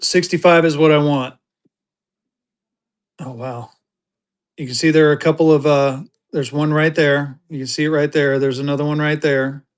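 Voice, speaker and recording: A man's voice: fairly high pitch, steady tone, moderate pace, long pauses, clean tone. A man selling banknotes on a live stream, chatting casually with fillers and thanking his buyers. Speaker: livestream seller. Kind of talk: casual live auction chat.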